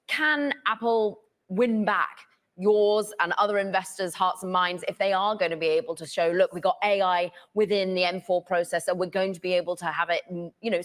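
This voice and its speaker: A woman news anchor putting a long, winding question to a guest analyst. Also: fairly low pitch.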